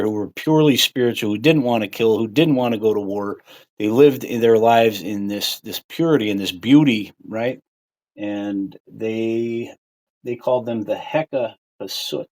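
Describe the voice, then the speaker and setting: Rambling man talking on a livestream. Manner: rambling, with frequent "right?" and "you know" fillers; rises in pitch and volume on quoted lines. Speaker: livestream host. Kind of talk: casual livestream monologue.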